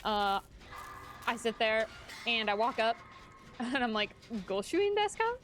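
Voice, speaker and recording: A woman's voice: a little high, little pitch movement, takes it slowly, fairly bright tone, faint music behind. A woman streaming a game, telling stories in casual, chatty talk with bursts of laughter. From United States. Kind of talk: casual chat while gaming.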